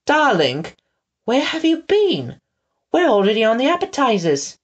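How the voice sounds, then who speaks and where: Snooty rich mother, clenched-teeth drawl, very high and swooping; male reader voices her. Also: huge pitch swings, unhurried, lo-fi sound, exaggerated voice. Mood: gushing. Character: snooty high-society mother, tall and fussy.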